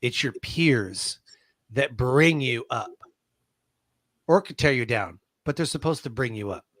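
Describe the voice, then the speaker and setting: A man's voice: mid-range voice, animated, unhurried, fairly bright tone, no room sound. A middle-aged man who served in the military tells his stories in an interview. He leans into every anecdote and acts out the voices of the people in it. The recording is dry and close, with no room sound. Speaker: veteran guest. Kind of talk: personal storytelling in an interview.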